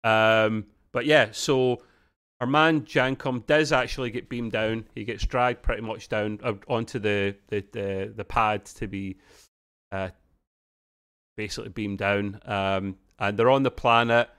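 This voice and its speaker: A man's voice: on the low side, fairly even intonation, measured pace, a bit bright, clear, resonant tone. A man co-hosting a podcast, rambling through a casual TV episode review with frequent restarts. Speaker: podcast co-host.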